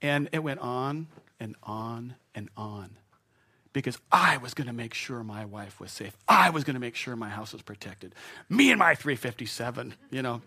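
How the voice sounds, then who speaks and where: Middle-aged male pastor, storytelling sermon, animated and self-deprecating, middle pitch. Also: moderate pace, creaky, husky. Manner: animated, self-mocking, chuckles through his story.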